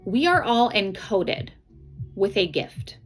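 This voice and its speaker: A middle-aged woman speaks as an intuitive card reader, giving casual spiritual guidance straight to the viewer. Her pitch sits in an ordinary middle range for a woman. She talks earnestly and conversationally, often checking in with "right?" and "okay?". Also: sing-song, takes it slowly, soft background music, low-quality recording.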